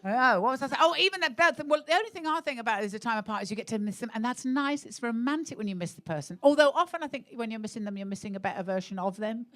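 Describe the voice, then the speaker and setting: A woman's voice: a little high, expressive, very fast, hardly any pauses, a bit bright. A middle-aged woman doing live stand-up in a comedy club, blunt and sweary, teasing audience members about their relationships. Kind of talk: live stand-up crowd work.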